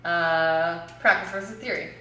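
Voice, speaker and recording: A woman's voice: fairly low pitch, fairly even intonation, unhurried, sharp tone. A woman hosting a casual chat who reacts often and eagerly shares her own view. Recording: echoey room.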